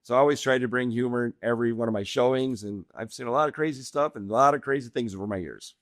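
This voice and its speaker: A middle-aged man spins animated anecdotes as a podcast guest and breaks into laughter along the way. His voice sits in a typical middle register. It is recorded dry, with no room sound. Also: medium pitch, quick pace, no room sound. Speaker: guest real estate agent. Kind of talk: casual podcast storytelling.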